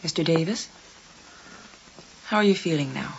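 A calm psychiatrist. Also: female voice, sits low, noisy background. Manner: measured, gently probing questions. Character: calm, patient female hospital psychiatrist. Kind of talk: television drama acting. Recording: dull, slightly muffled TV soundtrack.

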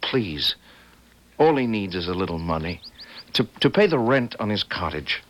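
A man's voice: sits low, big pitch swings, normal speed, a bit bright, exaggerated voice. An actor playing an earnest, timid village boy who stammers and worries aloud. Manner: stammering, anxious, easily upset.

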